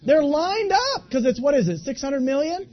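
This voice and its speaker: A man in his twenties giving an animated, folksy motivational talk, speaking directly to a live audience. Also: very high-pitched, moderate pace, highs cut off. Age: 20s.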